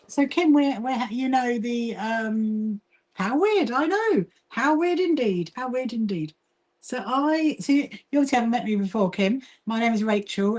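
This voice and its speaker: A woman's voice: on the high side, a little mellow. Chatty woman hosting a sewing livestream. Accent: southern English. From Brighton, England. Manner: chatty, reads and greets viewer comments, frequent fillers and laughs. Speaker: livestream host, quilting association founder. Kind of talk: casual livestream chat while sewing.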